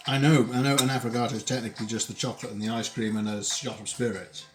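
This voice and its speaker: A man's voice: mid-range voice, fairly even intonation, fast, over music. A man hosting a casual live cooking stream from his home kitchen, chatting while he eats. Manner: chatty, talks while eating. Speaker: streamer host.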